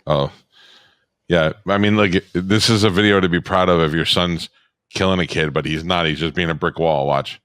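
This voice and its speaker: A man hosting a podcast, talking in a rapid, crude, joking way in casual banter on a studio microphone. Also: low voice, steady tone, a bit bright, clean tone, no echo. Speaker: podcast host.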